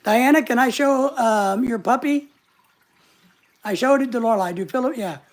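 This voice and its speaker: A man's voice: very high-pitched, normal speed. A man hosting a casual livestream from his couch at home, joking around and reading viewer comments aloud. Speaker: livestream host. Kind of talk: casual live chat. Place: home living room couch.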